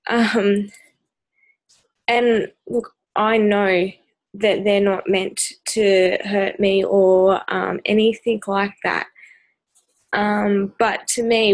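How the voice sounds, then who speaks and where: Weary Australian woman with vocal fry. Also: medium pitch, no room sound, low-quality recording. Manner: hesitant, full of ums, earnest. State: exhausted. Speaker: vlogger. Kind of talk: personal talk to camera.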